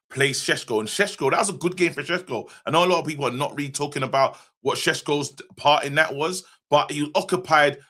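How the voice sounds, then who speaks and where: Bright-voiced, excitable male co-host. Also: mid-range voice. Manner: excitable, slangy, quick restarts. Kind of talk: casual football podcast chat.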